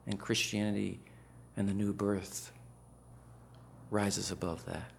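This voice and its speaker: An older man preaching a chapel sermon to pastoral students, swinging from loud emphatic bursts to hushed asides. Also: lowish voice, level tone, slow, gravelly, a little hiss or hum.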